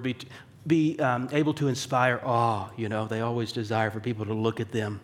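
Male pastor, mid-pitched, conversational sermon delivery, wry asides, rhetorical questions. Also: flat delivery, fairly quick. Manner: conversational preaching, asks the room rhetorical questions; dry wry humor.

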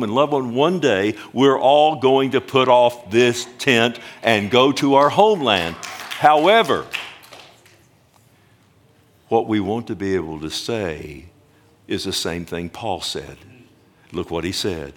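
A man preaching a sermon emphatically, often slowing down to stress words and calling out to his listeners directly. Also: mid-range voice, lively intonation. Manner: emphatic, swings between loud and hushed, addresses the congregation directly. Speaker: pastor.

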